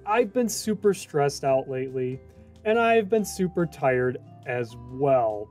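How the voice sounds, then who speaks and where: A young man casually commenting on a video game as a channel host. He is chatty and jokey, and he swings from loud bursts to mumbling. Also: mid-range voice, big pitch swings, slow pace, faint music behind. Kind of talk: casual let's play commentary.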